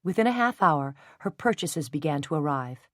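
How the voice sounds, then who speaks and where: Woman narrator, scripted audiobook reading, lowish voice, dry close sound. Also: expressive, normal speed, no room sound.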